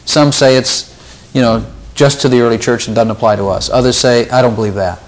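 A man's voice: medium pitch, fairly even intonation, fairly quick. A man leading an informal Bible study, talking things through casually, repeating words and lifting his voice when he quotes scripture.

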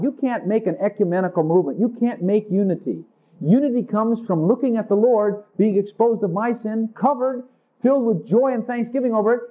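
A man preaching a sermon in an intimate way, acting out conversations with Jesus. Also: dark tone. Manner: intimate, acts out dialogues with Jesus in a higher voice. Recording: tinny phone-like sound.

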